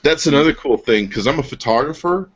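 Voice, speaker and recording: A podcast host with a medium-pitched, slightly rough voice talks animatedly and a little fast, joking enthusiastically and laughing often as he shows off a product in casual chat. The audio is dull, lo-fi podcast sound.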